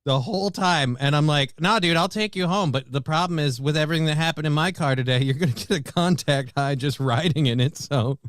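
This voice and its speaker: Teasing male co-host, slightly high voice. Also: a little fast, hardly any pauses, dry recording. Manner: teasing, chimes in to finish the stories. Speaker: radio show co-host. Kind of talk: casual banter.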